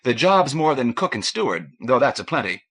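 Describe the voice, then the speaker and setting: A man's voice: medium pitch, sing-song, moderate pace, a bit bright. A man voicing a plainspoken, self-critical male starship captain. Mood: rueful.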